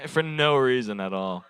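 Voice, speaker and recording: A man's voice: medium pitch, expressive, slow, a bit bright, smooth, no room sound. Rambling young man doing crowd work. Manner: loose, rambling, swearing, laughing at his own jokes. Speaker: open mic comedian. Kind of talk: improvised stand-up crowd work. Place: small bar stage. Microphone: handheld stage mic.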